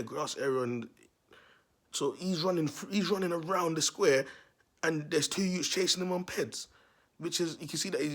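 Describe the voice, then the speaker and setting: A man's voice: on the high side, husky. A man, a vlogger telling a neighbourhood story to his viewers in a slangy, repetitive way.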